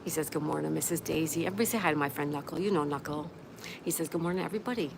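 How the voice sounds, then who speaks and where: Speaking very fast in a deep voice, a woman runs a relaxed livestream, reading out viewer comments and responding chattily to each. Background noise is clearly present.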